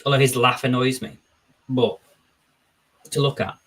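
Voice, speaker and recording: Male streamer host, husky voice, casual chat that riffs off his viewers' comments. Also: medium pitch, little pitch movement, unhurried, a bit bright. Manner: chatty, reads viewer comments aloud and answers them.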